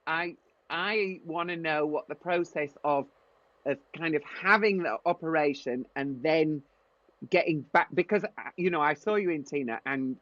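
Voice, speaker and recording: A man's voice: a little high, moderate pace, a bit bright, no room sound, lo-fi sound. A man with a Yorkshire accent co-hosting, asking long rambling questions in casual chat. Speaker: co-host.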